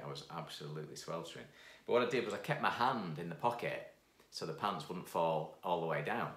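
Man, very low voice, animated storyteller, chuckles through it, roomy echo. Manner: animated, laughing often, acts out quotes. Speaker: founder of a piano course. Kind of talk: personal anecdote storytelling.

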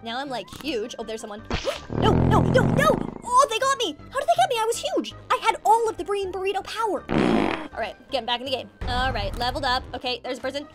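A bubbly young woman narrates her gameplay in a high, sing-song voice that leaps all over the place. She gasps and squeals as she plays, with game music running behind her. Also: wildly swooping pitch, fairly quick, vocal fry. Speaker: gaming channel host. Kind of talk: excited gameplay commentary.

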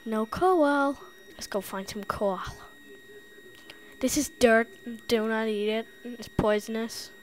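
A woman's voice: a little high, slow pace. A woman with a lisp giving playful, jumpy gameplay commentary, easily spooked and giggly. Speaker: gameplay tutorial host.

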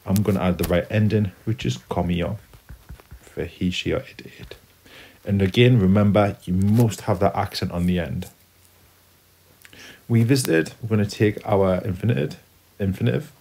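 A man's voice: sits low, gravelly, darkish tone, a little hiss or hum. A man teaching Spanish grammar to students, explaining patiently step by step as he writes on a board. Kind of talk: classroom lesson at a whiteboard.

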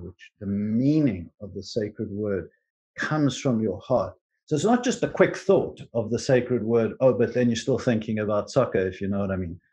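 A man teaching on contemplative prayer in a gentle, earnest way, with frequent restarts. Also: mid-range voice. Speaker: Christian teacher.

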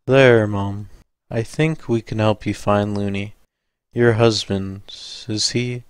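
A man's voice: fairly low pitch, slow pace, clean tone, dry recording, studio quality. Man doing a kindly, fatherly old policeman. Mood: soothing. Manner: soothing, reassuring. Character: kindly fatherly older male police officer.

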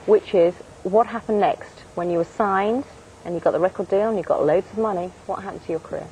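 A woman TV presenter in a breakfast studio interview, asking brisk, leading questions. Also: mid-range voice, dark tone, slight background noise, rough recording.

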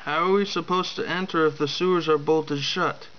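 A man voicing a whiny, squeamish young female mage in a storybook reading, speaking a bit higher. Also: fairly even intonation, normal speed, fairly bright tone, muffled recording, lightly acted. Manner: whiny, reluctant.

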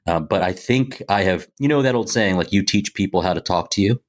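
Low-voiced man, halting casual chat. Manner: hesitant, lots of uh and restarts. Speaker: podcast co-host.

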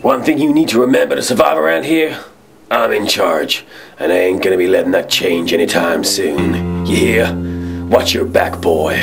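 Bill, a man voicing a gravelly snail outlaw boss. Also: low voice, animated, music in the background. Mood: menacing. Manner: threatening, slow drawl. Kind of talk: student cartoon voice acting.

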